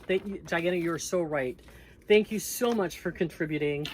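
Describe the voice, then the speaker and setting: A woman's voice: fairly low pitch, fairly even intonation, a little slow, a little mellow, slight background noise. A Canadian-born woman hosting a crochet vlog, chatting in a gushing, upbeat way as she opens packages. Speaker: crochet channel host. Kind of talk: casual vlog chat.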